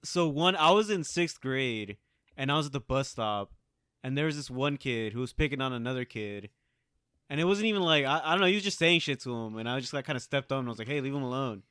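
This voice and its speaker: A man co-hosting a podcast with a bright, forceful voice. He tells stories with animation and a freely swearing tongue, his tone crisp and smooth in a dry, close recording. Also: mid-range voice, lively intonation, quick pace, dry recording. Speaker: podcast co-host. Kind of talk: casual chat.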